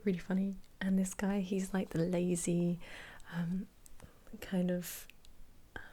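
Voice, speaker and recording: A young woman, an ASMR creator, whispering casually about her favourite films, giggling often and pausing on ums. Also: fairly low pitch, mellow, slightly rough. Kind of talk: whispered ASMR film chat.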